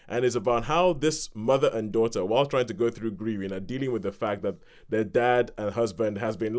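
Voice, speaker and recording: A man's voice: mid-range voice, darkish tone. A man co-hosting a podcast, chatting casually and rambling through a review with laughs between points. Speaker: podcast co-host.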